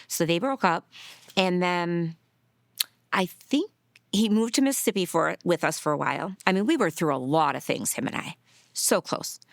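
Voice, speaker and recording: A middle-aged mother speaks in a documentary interview, her low voice carrying a gravelly edge. She sounds earnest and emotional and sometimes sinks to a soft near-whisper. The sound is dry, close and without room echo. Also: expressive, moderate pace. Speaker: grieving mother.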